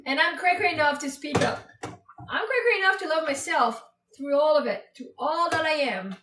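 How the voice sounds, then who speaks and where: High-voiced woman chatting in an echoey room. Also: lively intonation, moderate pace, far from the mic, noisy background. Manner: laughing, talking to chat. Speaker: live streamer. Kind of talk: casual live chat.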